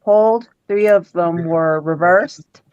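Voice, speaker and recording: Slow-talking woman reading tarot. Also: fairly low pitch, lo-fi sound. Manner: rambling, repeats words, quotes people in little voices. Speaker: tarot reader co-host. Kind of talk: casual chat reading tarot cards.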